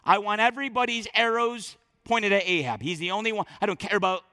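Blunt commanding war king, as a preacher puts him on, bright tone, hall reverb. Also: high voice, fast talker. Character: commanding ancient enemy king, single-minded. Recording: long reverb in large hall.

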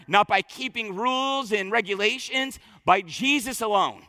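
A male pastor preaching with a high, bright, ringing voice and an emphatic, fervent delivery that doubles words as he launches each phrase. The voice sits close and dry, with a long reverb tail like a large hall. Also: unhurried, few pauses. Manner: emphatic, repeats words when starting phrases. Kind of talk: sermon.

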